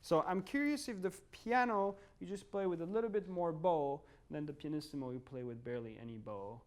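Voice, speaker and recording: A man's voice: on the high side, a little fast. A man coaching a chamber music group in a master class, encouraging and singing phrases on nonsense syllables to show what he means. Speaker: violin coach.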